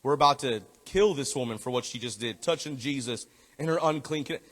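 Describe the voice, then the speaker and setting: A man's voice: medium pitch, a little fast, fairly bright tone, voice pushed down, natural voice. A man voicing a hostile crowd member eager to throw stones, with a sneering, muttered delivery, inside a sermon. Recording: echoey hall.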